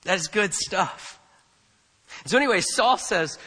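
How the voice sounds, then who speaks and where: A man's voice: mid-range voice, moderate pace, bright, forceful tone, long reverb tail. A man preaching a sermon, emphatic and repetitive, often asking the congregation questions. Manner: emphatic, repeats phrases, asks the congregation questions. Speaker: pastor.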